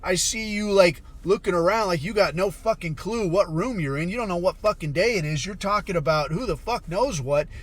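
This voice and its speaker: A man's voice: sits high, brisk, few pauses. A man hosting a podcast, ranting in a blunt, profane and sarcastic way. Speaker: podcast host. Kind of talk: casual commentary rant.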